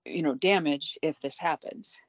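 A woman's voice: deep voice, moderate pace, dry recording. Woman, earnest and questioning in a group discussion, dry lo-fi recording. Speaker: Bible study group member.

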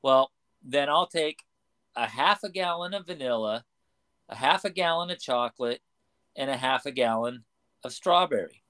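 A man's voice: medium pitch, expressive, normal speed, sharp tone. A man voicing a muddled, insistent woman ordering ice cream in a told joke.

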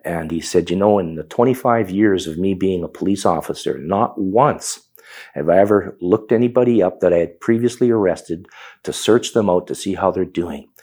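A man's voice: low voice, normal speed, darkish tone, breathy edge. A middle-aged man with a Canadian accent telling his personal testimony in a reflective storytelling manner. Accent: Canadian English. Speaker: testimony speaker.

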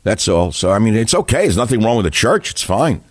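An older man with a low voice hosts a call-in radio show and speaks in a declamatory, opinionated way. He fires off rhetorical questions. His studio sound is close and dry. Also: very animated, brisk, no room sound. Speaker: talk radio host. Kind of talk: talk radio monologue and call-in. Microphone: studio microphone.

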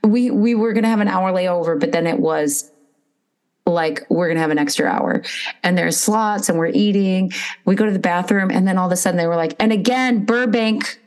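A woman podcast co-host with a somewhat low voice, talking in casual chat. She is playful, chiming in and building on the jokes as the story goes on. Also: steady tone, brisk, darkish tone.

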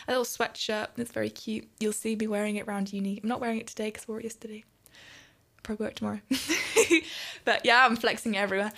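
A young woman chats casually as a student radio host. She rambles from one thing to the next and laughs often. Her voice sits a little high. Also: fairly bright tone. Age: young adult. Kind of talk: casual chat.

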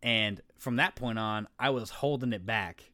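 A man co-hosting a podcast, telling stories in an excitable, rambling way and swearing casually. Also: lowish voice, normal speed, no echo, clean studio sound. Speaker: podcast co-host. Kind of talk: casual chat.

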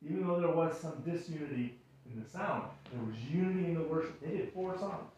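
A man's voice: a little high, animated, fairly quick, a little mellow, slight background noise. A male pastor giving a conversational sermon, telling stories with playful acted-out voices and self-deprecating humor. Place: church sanctuary. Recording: echoey room, voice far from the mic.

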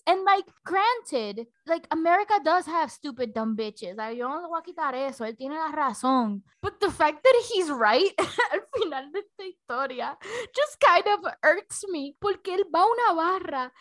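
A woman co-hosting a casual movie review chat, animated and profane, switching between English and Spanish. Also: high-pitched, moderate pace.

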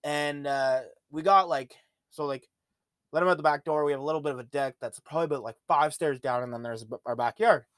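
Man, podcast host, casual profane rambling, somewhat high pitch, dry close sound. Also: a little fast, fairly bright tone, dry recording. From Ontario, Canada. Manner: rambling, profane, laid-back storytelling. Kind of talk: casual monologue.

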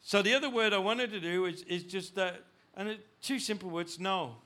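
With a high, bright, sharp voice, a male pastor preaches in an animated, unscripted style at a moderate pace, often restarting and repeating words. When voicing God, he rises loud and urgent.

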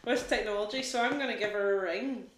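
A woman's voice: medium pitch, fast, slight background noise. A woman hosting a casual radio show, upbeat and giggly as she interviews a caller. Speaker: host. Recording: roomy studio echo.

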